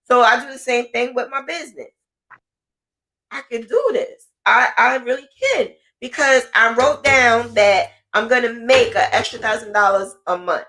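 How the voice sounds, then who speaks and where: A woman hosts a podcast in a casual monologue, chatty and motivational, with lots of fillers. Her voice jumps up with excitement when she quotes her own thoughts. She speaks a little high at a moderate pace.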